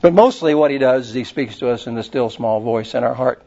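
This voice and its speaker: A man's voice: medium pitch, fairly quick, gravelly, dark tone. A man preaching a casual, rambling sermon, retelling stories with many fillers. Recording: muffled lo-fi recording.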